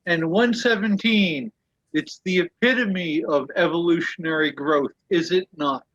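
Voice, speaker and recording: High-voiced man reading slowly on a call. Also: fairly bright tone. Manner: measured, deliberate reading with stressed words. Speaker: reader in a study webinar. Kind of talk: reading quotes aloud with commentary. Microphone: video call. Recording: dull, dry video-call audio.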